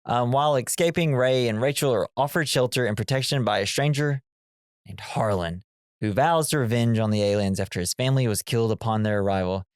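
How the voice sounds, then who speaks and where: A man's voice: medium pitch, a little fast, clean tone, no room sound, studio quality. A man co-hosting a casual movie podcast, rambling and acting out characters' lines. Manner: rambling, acts out quoted lines. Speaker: podcast co-host. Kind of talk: casual movie review chat.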